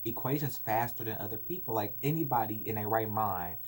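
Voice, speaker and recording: A man's voice: fairly low pitch, brisk, a little mellow. A man talks straight into his phone, telling a story from his own life in loose, rambling chat. He fills his sentences with "like" and slips into other people's voices as he goes. A faint hiss sits under his voice. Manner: rambling, lots of "like" fillers, acts out voices in stories. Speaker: vlogger. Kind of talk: casual personal storytelling.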